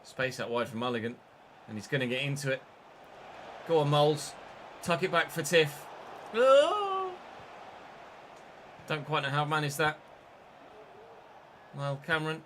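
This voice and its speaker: Bright-voiced excitable male gamer. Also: on the high side, normal speed, long pauses, a little hiss or hum. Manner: excitable, sweary running commentary. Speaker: gaming streamer. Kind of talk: live gameplay commentary.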